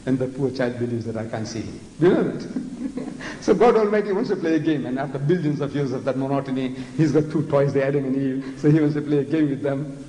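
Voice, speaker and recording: An older man with a South African accent, giving a mocking, animated lecture and mimicking the voices of others. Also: medium pitch, quick pace. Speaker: public speaker. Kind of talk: lecture before an audience. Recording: echoey hall recording.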